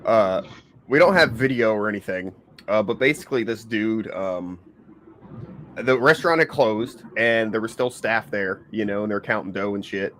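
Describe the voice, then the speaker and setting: A man's voice: on the low side, normal speed, fairly bright tone, slight background noise. A man hosting a casual livestream podcast, laid-back and swearing freely as he rambles through stories. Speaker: podcast host.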